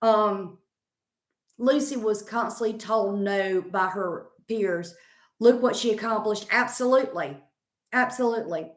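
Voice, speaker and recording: Chatty Southern woman, slow and roomy. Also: medium pitch. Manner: chatty, rambling, confident. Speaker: stand-up comedian. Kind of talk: casual chat answering viewer comments.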